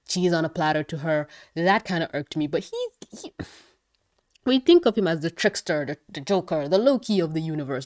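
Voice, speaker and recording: A woman giving an excitable, casual review of a cartoon episode, swearing freely. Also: fairly low pitch. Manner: excitable, swearing, laughing often. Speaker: show reviewer.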